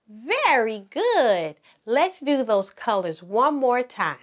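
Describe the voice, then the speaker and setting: A woman teaching toddlers at circle time, speaking in a slow, sing-song, encouraging way and repeating words for the children to echo. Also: a little high, big pitch swings. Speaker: preschool teacher.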